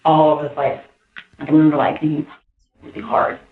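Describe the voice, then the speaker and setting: A woman tells her account in a rambling, animated rush, piling on fillers and side details. Her voice sits low for a woman and comes through a narrow, phone-like channel with a hollow room echo around it. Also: fairly quick. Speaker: interviewee. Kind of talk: recounting events to police.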